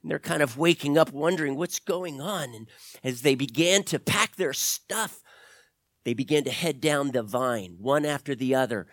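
Expressive male storyteller, dry close sound. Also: medium pitch, normal speed, no echo. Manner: expressive storytelling, dropping to whispers. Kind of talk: told adventure story.

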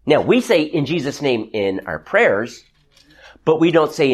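A man's voice: mid-range voice, very animated, unhurried, slightly rough. A man teaching an interactive Bible study to a small group in a church classroom. He talks conversationally, often restarts his sentences and asks the class questions.

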